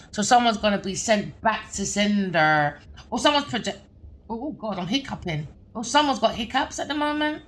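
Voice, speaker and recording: A woman's voice: mid-range voice, fairly bright tone, slight background noise. A woman giving a spoken tarot reading to her viewers in a rambling, repetitive flow, often checking in with "okay?" or "all right?". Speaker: tarot reader.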